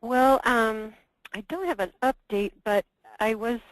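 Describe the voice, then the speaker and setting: A woman's voice: a little high, unhurried, no echo, poor audio. A woman leading a conference call discussion, hesitant and full of fillers and restarts. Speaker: meeting presenter.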